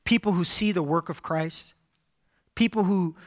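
Emphatic high-voiced male preacher. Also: a little slow. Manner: emphatic, repeats key phrases for stress; addresses congregation directly, reads scripture aloud. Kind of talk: sermon.

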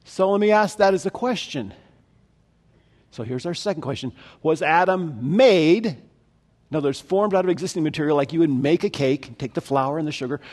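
A man with a high voice delivers a Bible teaching sermon. He talks conversationally, often posing questions to his listeners. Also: animated, moderate pace, darkish tone. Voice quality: conversational, asks the audience questions. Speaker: preacher.

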